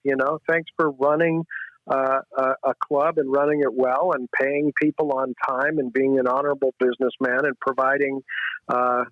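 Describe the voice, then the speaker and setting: A middle-aged male comedian, speaking as a guest over the phone with warm, dry wit and some stammering. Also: medium pitch, flat delivery, normal speed, no echo. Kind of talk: casual interview chat. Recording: tinny phone line, dry.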